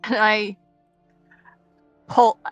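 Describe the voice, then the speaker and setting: A woman playing a tabletop game, playful and quick to laugh. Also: medium pitch, level tone, dry recording, faint music behind. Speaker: player. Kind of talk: casual tabletop play.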